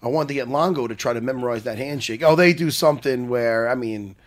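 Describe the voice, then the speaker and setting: A man co-hosting a podcast, chatting in an animated way, laughing often and swearing. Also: mid-range voice, fast talker. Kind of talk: casual chat.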